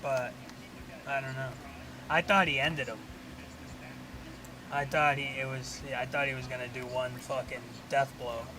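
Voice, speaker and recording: A man hosting a casual livestream, rambling and swearing as he thinks out loud. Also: mid-range voice, level tone, unhurried, pauses often. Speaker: livestream host. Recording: loud vehicle and game noise behind.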